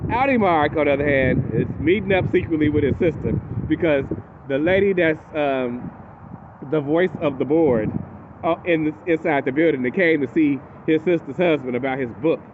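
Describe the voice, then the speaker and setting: A man's voice: fairly high pitch, moderate pace, background noise. A man animatedly recapping a TV episode in casual speech, acting out the characters as he goes. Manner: animated, acts out characters in quotes. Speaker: TV recap host. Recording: tinny phone-like audio.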